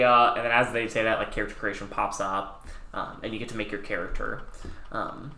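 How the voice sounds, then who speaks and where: Young male podcast co-host, animated and profane, bright voice. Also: on the low side, roomy sound. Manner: animated, swearing, quick quoted voices. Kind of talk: casual chat.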